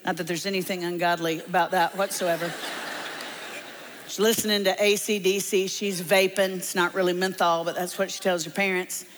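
A woman's voice: lowish voice, little pitch movement, normal speed, noisy background. A woman preacher who tells her sermon as a humorous story full of asides. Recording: long hall reverb.

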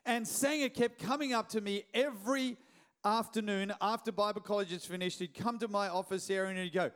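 A middle-aged Australian pastor with a fairly high voice tells a story from the pulpit. He jokes along the way and often restarts his sentences as he preaches. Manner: lively, joking, with quick restarts. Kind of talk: sermon storytelling.

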